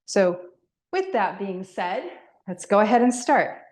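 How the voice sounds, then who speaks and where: Woman fitness instructor, middle-aged, mid-pitched voice, talks slowly through movement cues and rep counts; roomy echo. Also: big pitch swings, a little mellow. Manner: counts reps and gives step-by-step movement cues. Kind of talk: guided workout class. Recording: echoey room.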